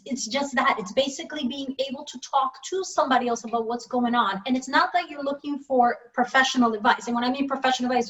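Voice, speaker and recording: A woman mental health professional speaking on a video call panel, telling lively stories and acting out the voices she quotes. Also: high-pitched, far from the mic, muffled recording. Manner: animated storyteller, acts out quoted voices. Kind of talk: webinar panel talk.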